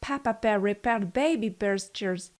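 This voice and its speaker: A woman narrating a children's fairy tale in a gentle storybook reading. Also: medium pitch, a little slow.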